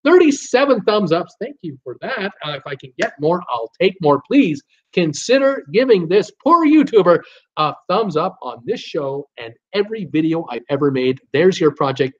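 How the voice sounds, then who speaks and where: Hosting a live cruise stream, this man speaks in a high register at a moderate pace, very animated, wandering off-topic and reading chat messages out loud, full of filler words. The audio comes across dull.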